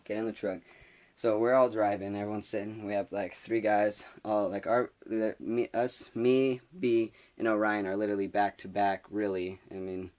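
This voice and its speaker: A young man in his late teens telling a storytime vlog, rambling and excitable as he acts out his own panic. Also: lowish voice, moderate pace. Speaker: vlogger. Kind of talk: casual storytime.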